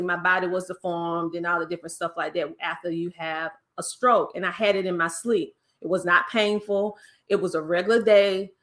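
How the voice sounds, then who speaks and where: Bright-voiced Southern woman with a twang. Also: fairly low pitch. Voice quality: country twang. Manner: lively storytelling, acts out other voices. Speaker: podcast guest. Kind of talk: casual interview talk.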